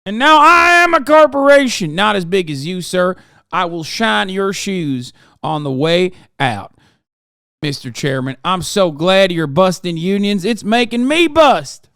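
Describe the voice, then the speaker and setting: A man doing a groveling squeaky senator. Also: big pitch swings, pushed and bright, clear, resonant tone, no room sound, clean studio sound, exaggerated voice. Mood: groveling, mocking. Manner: shrill, groveling, drawn-out "sir". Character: fawning, bootlicking male senator mocked.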